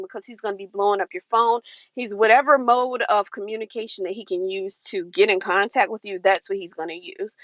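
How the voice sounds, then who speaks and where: A woman's voice: medium pitch, fairly quick, fairly bright tone, no room sound. A woman talks earnestly to camera in a casual advice vlog, warning her viewers. Her voice sits in a middle range and is recorded dry and close, with a dull, lo-fi sound. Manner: earnest, warning, acts out quoted lines. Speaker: advice vlogger.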